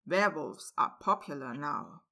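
A woman's voice: low-pitched, animated, a little slow, bright, forceful tone, voice pushed down, exaggerated voice. A woman voicing a blunt, protective young man who talks plainly and casually.

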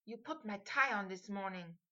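A hurried, flustered teenage wizard boy who mutters and grumbles, as a woman reads him aloud. The bright voice comes through a lightly muffled, lo-fi audiobook recording. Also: a little high. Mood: grumbling. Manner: muttering and breathless. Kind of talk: audiobook fan fiction reading.

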